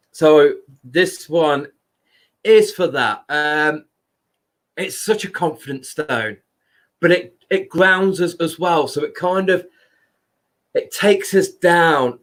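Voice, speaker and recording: A man hosting a live stream, talking casually and loudly to his viewers. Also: on the high side. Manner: unhurried, chatty, talks to viewers by name; loud speaking voice.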